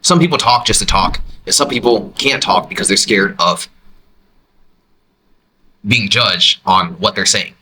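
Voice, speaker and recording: A man hosting his own podcast, reacting to a clip with emphatic, animated commentary from a quiet, empty room. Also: unhurried, pauses often, poor audio. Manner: animated, emphatic, jumps to high exclamations. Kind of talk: reaction commentary, casual monologue.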